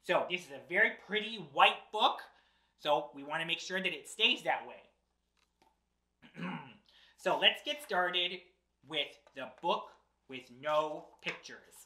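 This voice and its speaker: Woman, storytime host; slow, animated read-aloud with mock outrage, echoey room. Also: low-pitched. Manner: playful, mock-exasperated, theatrical. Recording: roomy echo.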